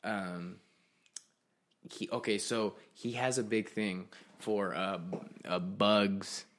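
Profane, animated male storyteller. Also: fairly low pitch, takes it slowly. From Arizona. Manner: animated, profane storyteller who acts out quotes. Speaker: podcast host. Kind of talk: casual storytelling chat.

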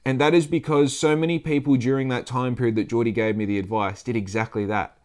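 A man's voice: mid-range voice, fairly even intonation, quick pace, darkish tone. A man with an Australian accent talking casually in a rambling monologue, swearing freely and acting out the people he quotes.

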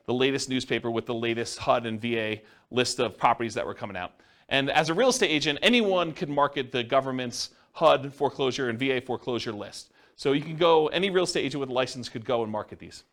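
Fast-talking man teaching a class. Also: mid-range voice, fairly bright tone. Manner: casual, rambling, self-described introvert. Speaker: real estate investing instructor. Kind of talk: classroom lecture. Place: meeting room with a live audience.

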